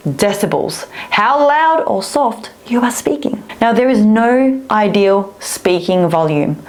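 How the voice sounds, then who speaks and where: A speaking coach in her thirties teaches to camera with a very lively, wide-ranging voice. She swoops high and low to demonstrate her points. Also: unhurried. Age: 30s.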